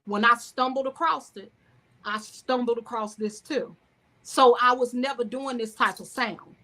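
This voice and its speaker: On the high side and sharp in tone, this Southern American woman speaks at a measured pace. As a screenwriter and singer guesting in a casual interview, she talks about her work in a loose, rambling way. She keeps restarting, slipping in asides and "you know."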